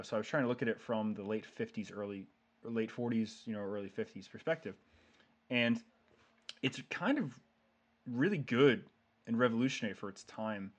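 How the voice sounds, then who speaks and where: A man's voice: fairly low pitch, fairly bright tone. A man hosting a casual film discussion podcast, chatty and analytical with many fillers like "um" and "like". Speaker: podcast host who picked the film.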